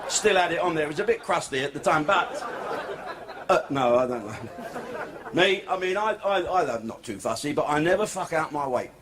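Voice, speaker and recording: A man's voice: a little high, lively intonation, moderate pace, over a noisy crowd. A man doing a crude, profane stand-up comedy set in a comedy club. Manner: crude, profane, swearing constantly. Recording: noisy club recording.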